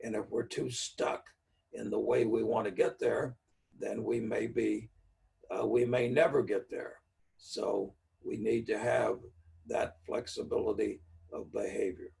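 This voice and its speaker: Male trainer, heavy vocal fry, plainspoken teacher, recorded at a distance from the mic. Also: fairly low pitch, flat delivery, measured pace, a little mellow. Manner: plainspoken teaching with everyday examples. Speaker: NLP trainer giving a talk. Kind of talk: virtual speaker-series talk.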